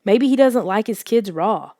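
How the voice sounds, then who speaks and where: A frightened young boy, cries and panicky exclamations pitched up in a voice sitting at an even middle pitch, as a woman reads him aloud. The sound is dry and close, with no room around it. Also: unhurried, no echo. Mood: fearful. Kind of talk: audiobook character voice.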